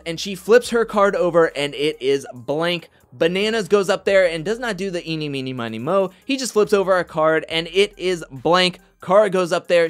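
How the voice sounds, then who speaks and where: This man's voice sits high as he runs a laid-back rundown of a reality competition show. He's talkative and lively, often slipping into mock voices to quote people.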